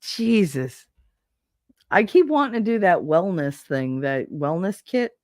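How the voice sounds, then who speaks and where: A woman's voice: on the low side, sing-song, a little slow, darkish tone, dry recording, studio quality. Rambling, candid woman streamer. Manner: rambling, candid, swears freely, laughs often. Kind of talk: casual live-stream chat.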